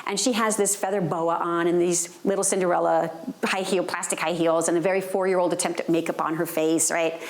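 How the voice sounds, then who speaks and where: A woman giving a lecture at a student training, telling personal stories in an animated way and often checking in with the audience. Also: fairly low pitch, a little fast, echoey room. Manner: animated, often asks "right?".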